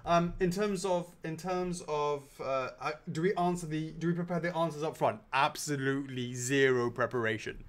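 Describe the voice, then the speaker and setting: A man's voice: on the high side, normal speed, hardly any pauses. A man hosting a casual question and answer chat, rambling and joking as he reads out questions. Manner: rambling, jokey, laughs often. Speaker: host.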